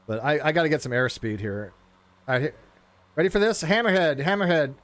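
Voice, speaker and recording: A man streaming a flight simulator, talking casually and rambling as he flies, often stumbling over his words and getting excited. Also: on the high side, fairly quick, no echo. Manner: rambling, self-interrupting, excitable. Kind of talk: casual live gameplay commentary.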